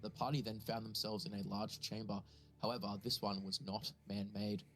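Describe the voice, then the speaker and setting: A man reading out a recap of the previous game session in a plain, even way. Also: fairly low pitch, moderate pace, soft background music. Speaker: recap narrator.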